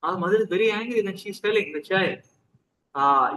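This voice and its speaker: This spiritual teacher, a man with an Indian accent, gives a conversational sermon to a live audience, often questioning his listeners and slipping into Hindi. His high voice is brisk, bright and forceful, on a rough recording with a little hiss or hum.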